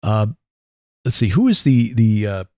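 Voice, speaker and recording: A man with a Midwestern accent hosting a casual Christian radio talk show, rambling and halting with fillers. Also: lowish voice, very animated, dark tone, dry recording, studio quality. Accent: Midwestern American. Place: barn studio.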